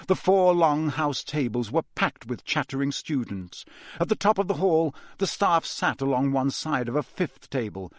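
A man narrating a fantasy novel as an audiobook in a measured storytelling manner. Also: medium pitch, no room sound, clean studio sound. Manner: measured, even storytelling delivery.

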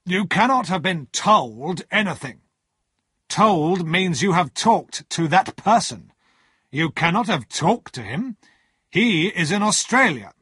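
A man voicing a stern middle-aged male lawyer, clipped and precise, pitched higher than his own husky voice. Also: very animated, slow, fairly bright tone, no room sound, clean studio sound, exaggerated voice.

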